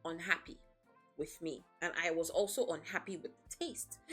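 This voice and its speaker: Low husky-voiced woman streamer. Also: normal speed, bright, forceful tone, soft background music. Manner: blunt and profane, laughing often, playfully dramatic rants. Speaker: VTuber streamer. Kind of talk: casual livestream chat.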